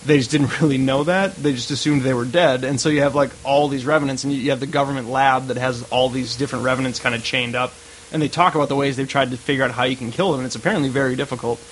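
A man's voice: medium pitch, fast, a little hiss or hum, rough recording. A man co-hosting a podcast, casually reviewing a movie and rambling through scenes. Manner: rambling, animated retelling of scenes. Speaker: podcast co-host.

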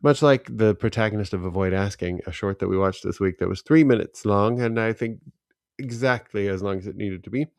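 Man, lowish voice, casual podcast chat, dry close sound. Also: a little fast, a little mellow, smooth, no echo. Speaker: podcast co-host.

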